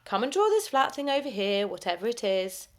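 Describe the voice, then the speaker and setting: A woman voicing a bored, weary school helper who calls out in a flat voice. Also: mid-range voice, brisk, close to an everyday voice.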